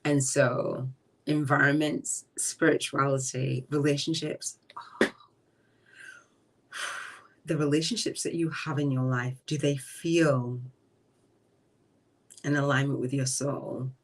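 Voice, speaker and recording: Woman, middle-aged, spiritual live-stream host, reflective, unhurried, flat delivery, distant mic. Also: extremely low pitch. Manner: reflective, slow and unhurried, trailing off, often dropping soft. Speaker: podcast host. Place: a relative's home.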